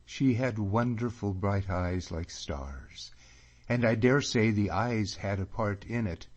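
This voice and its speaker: A man narrating an audiobook in a measured, unhurried reading. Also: lowish voice, darkish tone.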